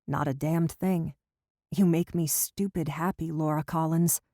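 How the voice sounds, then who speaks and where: A woman's voice: sits low, steady tone, measured pace, warm tone, no room sound, clean studio sound. A woman voicing a playful young man who teases his girlfriend, read in an audiobook. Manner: playful, amused. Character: teasing young man, grinning boyfriend.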